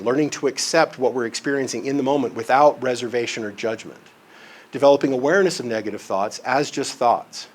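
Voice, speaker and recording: A man giving a live presentation in a conference room, talking conversationally, often checking in with his listeners and using homely examples and self-deprecating humor. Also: mid-range voice. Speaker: presenter on relationships and counseling.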